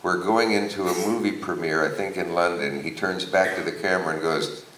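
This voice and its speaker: Wry older man with a deep voice. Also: fairly quick, fairly bright tone, far from the mic. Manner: wry, joking. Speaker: talk show host on stage. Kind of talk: on-stage conversation. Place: theater stage before an audience. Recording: roomy hall, mic from afar.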